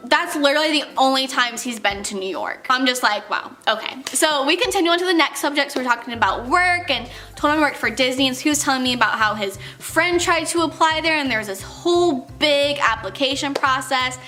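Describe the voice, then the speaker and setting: A young woman from California in her twenties, telling an animated story on a vlog with lots of exclamations. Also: high voice, brisk, few pauses, soft background music. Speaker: vlogger.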